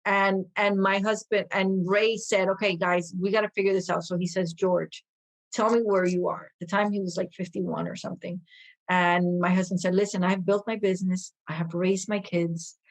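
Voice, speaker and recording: A woman in her fifties, a podcast guest telling stories in an energetic, animated way, acting out quoted voices. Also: medium pitch. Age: 50s. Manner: energetic, animated, quick-talking with lively quoted asides. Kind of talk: conversational interview storytelling.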